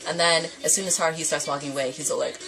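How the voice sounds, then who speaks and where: A young woman vlogging a casual anime review, rambling and animated as she retells the plot. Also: low-pitched, faint music behind, poor audio. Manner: rambling, quick and animated storytelling.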